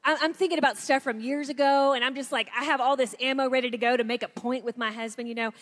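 Woman, animated storyteller, fairly high voice, long hall reverb. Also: fast talker. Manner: animated storyteller, acts out quotes. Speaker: speaker. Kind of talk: storytelling talk to an audience.

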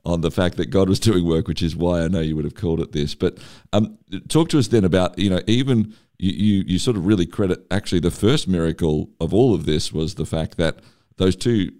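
A man's voice: low-pitched, fairly quick, dark tone. A man hosting an interview, asking reflective, probing questions with stammering restarts. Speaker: interviewer host.

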